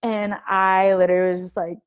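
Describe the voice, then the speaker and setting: Young female athlete guest, casual and lively storyteller, acts out quoted lines in her own voice. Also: medium pitch, brisk, clean tone. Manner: animated, heavy use of "like", acts out quoted dialogue. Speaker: guest, professional soccer player.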